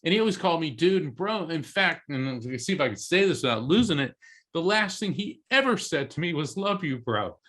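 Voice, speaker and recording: A man's voice: on the high side, expressive, a little fast, fairly bright tone. A man from East Coast Florida, a medium and author, telling a personal story as an interview guest and acting out the voices of the people in it. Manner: earnest, acts out quoted voices in his story.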